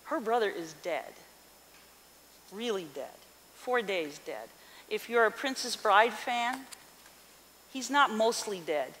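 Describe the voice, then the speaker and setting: A woman pastor delivers a sermon in an expressive, questioning way, her voice sitting in the middle range. The sound carries a long hall reverb with a faint hiss underneath. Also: mid-range voice, slow, pauses often. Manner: expressive reading with rhetorical questions to the congregation. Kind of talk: scripture reading and sermon. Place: church sanctuary.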